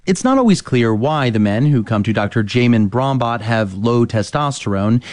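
A man reads a news report for radio in a steady, measured voice. The studio sound is dry and close, with no room around him. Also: medium pitch, no room sound.

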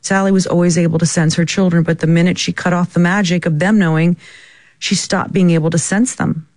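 A woman being interviewed about her work, telling stories in an animated way and laughing often. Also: lowish voice, brisk, no echo. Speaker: guest actress. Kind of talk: casual interview chat.

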